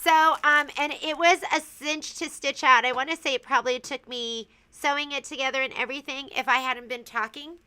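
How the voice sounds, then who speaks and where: A woman's voice: high voice, fairly even intonation, a little fast, hardly any pauses, sharp tone. A middle-aged woman hosting a sewing shop stream, chatting casually and explaining sewing steps with little fillers. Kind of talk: casual chat.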